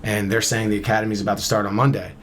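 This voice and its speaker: Speaking very fast with flat delivery, this man from Camden, New Jersey, in his thirties, casually recounts a long story on a podcast and plays both parties in the conversation. His voice is lowish and a bit bright, with slight background noise.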